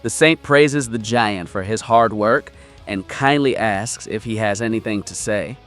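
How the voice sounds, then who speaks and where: A man narrating a comic story recap in a steady, scripted storytelling delivery. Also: on the low side, a little slow, soft background music.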